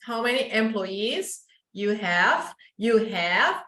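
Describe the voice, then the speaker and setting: A woman's voice: medium pitch, sing-song, fairly bright tone. Colombian woman teaching English in a roomy space. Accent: Colombian Paisa Spanish. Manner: explains slowly, switching into Spanish, modelling sounds. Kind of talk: online English class.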